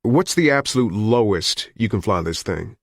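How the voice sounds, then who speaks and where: A man's voice: on the low side, lively intonation, normal speed, creaky, no room sound, clean studio sound. A man doing a terse, commanding hijacker. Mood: firm. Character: tense, guarded male hijacker giving orders.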